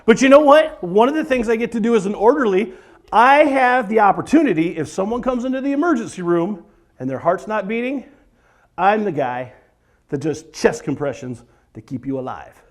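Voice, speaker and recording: At a church event, a man in his forties performs a comedy monologue, acting out stories and breaking into sung and screamed bits. His voice is high-pitched and moves at a moderate pace, and his storytelling is animated.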